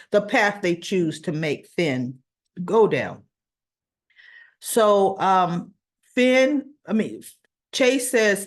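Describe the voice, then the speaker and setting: Slow-talking woman recapping a soap. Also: mid-range voice. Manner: chatty, retells scenes with quoted dialogue. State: coughing, sore throat. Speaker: soap opera reviewer. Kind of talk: casual recap monologue.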